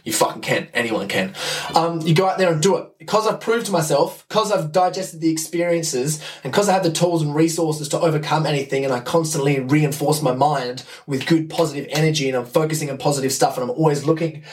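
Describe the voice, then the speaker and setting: A man's voice: fairly high pitch, brisk, far from the mic. A young man, talking casually and enthusiastically on his podcast, rambling and swearing as he goes. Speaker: podcast host.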